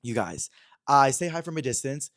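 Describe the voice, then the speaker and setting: A man's voice: medium pitch, big pitch swings, normal speed, a bit bright. A young man hosting a podcast, telling a story in casual, gossipy chat full of slang and fillers. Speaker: podcast host. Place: Los Angeles.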